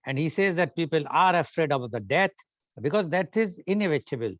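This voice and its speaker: A man's voice: a little high, expressive, fairly quick, no echo. Indian man moderating, muffled sound. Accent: Indian English. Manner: summarizing, hesitant with fillers. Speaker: moderator of a media conference. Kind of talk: moderating a panel.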